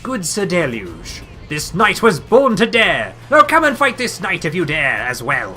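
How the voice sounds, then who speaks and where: A man's voice: high voice, wildly swooping pitch, a little slow, bright, forceful tone, faint music behind, voice pushed up, exaggerated voice. A man voicing a proud, pompous male knight from a video game, who speaks in archaic phrases and calls himself "this knight". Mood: defiant. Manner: archaic, grandiose, speaks of himself in third person.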